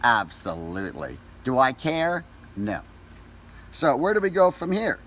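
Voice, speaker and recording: A man ranting angrily to camera, profane and accusatory, shouting at times. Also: mid-range voice, wildly swooping pitch, a little slow, slight background noise. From Canada. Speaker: vlogger. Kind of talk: angry direct-to-camera rant.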